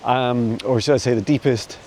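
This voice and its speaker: A man's voice: medium pitch, fairly even intonation, moderate pace, slight background noise, rough recording. Chatty man vlogging on a forest walk. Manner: chatty and meandering, with frequent soft laughs. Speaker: psychic mentor answering viewer questions. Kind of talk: casual walking vlog. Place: forest outdoors. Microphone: handheld phone camera while walking a dog.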